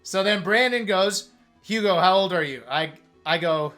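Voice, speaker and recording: A man in his thirties, a streamer, casually telling a story to his chat, animated and joking, acting out what others said. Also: high voice, normal speed, soft background music. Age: 30s. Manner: animated, joking, acts out quoted lines.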